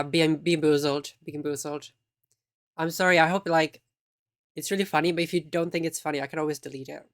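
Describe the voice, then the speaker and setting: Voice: mid-range voice, a bit bright, dry recording, studio quality. A live streamer, chatting casually and teasingly with viewers. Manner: chatty, teasing, reacting to chat.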